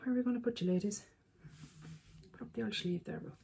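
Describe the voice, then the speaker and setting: A woman's voice: on the high side, fast, gravelly, warm tone, slight background noise. A woman chatting casually as a beauty vlogger reviewing eyeshadows, teasing herself and talking to herself as she goes.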